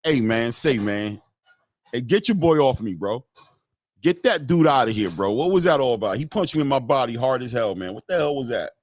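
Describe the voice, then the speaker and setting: A man putting on the voice of a whiny young male boxer who complains after a body shot, in a mocking, drawn-out impression. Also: medium pitch, lively intonation, no room sound, studio quality, lightly acted.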